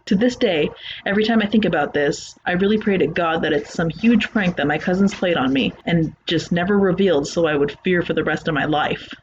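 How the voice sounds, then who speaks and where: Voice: medium pitch, brisk, muffled recording, a little hiss or hum. A narrator reading a first-person horror story aloud in a plain, conversational retelling.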